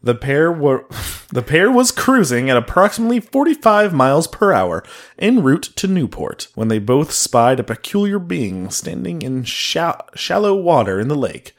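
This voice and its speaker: A man's voice: fairly high pitch, sing-song, moderate pace. A man hosting a podcast who reads case notes aloud in casual chat, laughing and joking between lines. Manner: laughs while reading, jokey asides. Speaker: podcast host reading the case.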